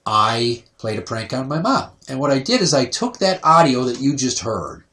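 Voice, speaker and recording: A man in his thirties tells stories casually on a podcast, his pitch swinging wide as he acts out other people's voices. He sits back from the mic, and the room adds a noticeable echo. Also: sing-song, moderate pace, pushed and bright. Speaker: podcast host. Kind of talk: casual storytelling. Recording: roomy sound, voice distant from the mic.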